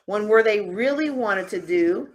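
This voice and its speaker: A woman giving a lively live conference workshop, teasing her audience with sarcasm. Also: medium pitch, a little slow. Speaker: host and workshop speaker. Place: conference room.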